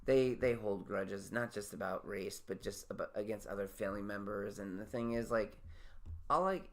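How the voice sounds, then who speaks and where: A man with a lowish, creaky voice hosts a podcast at a moderate pace. He chats casually and candidly, rambling and interrupting himself.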